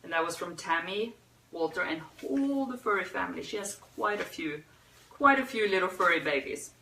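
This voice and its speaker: A woman hosting a pet memorial livestream, talking unscripted in a teary, soft-hearted way with sighs and pauses. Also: on the low side, lively intonation, gravelly, a little hiss or hum. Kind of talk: unscripted emotional talk. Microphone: phone or webcam. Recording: roomy echo, a bit far from the mic.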